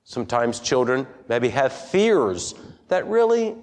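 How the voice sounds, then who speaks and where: A man's voice: mid-range voice, big pitch swings, takes it slowly, darkish tone. A man preaching an interactive sermon to a congregation, asking them questions and reading scripture aloud. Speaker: pastor.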